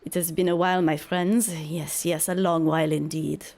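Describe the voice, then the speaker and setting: A woman's voice: sits low, steady tone, normal speed, vocal fry, darkish tone, voice pushed down. A woman voicing a sly, fawning male informant with a put-on mock French accent, while reading game dialogue aloud. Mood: oily, sly.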